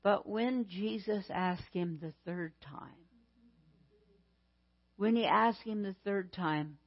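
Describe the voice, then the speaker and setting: A woman preaching a sermon in a deliberate, emphatic way, repeating phrases for weight. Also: medium pitch, highs cut off.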